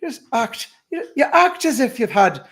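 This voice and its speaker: A man with a high, very lively voice jokes around in casual chat, bouncing his pitch all over. He sounds animated and playful in a loose, chatty way. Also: normal speed. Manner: joking, animated. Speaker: show co-host.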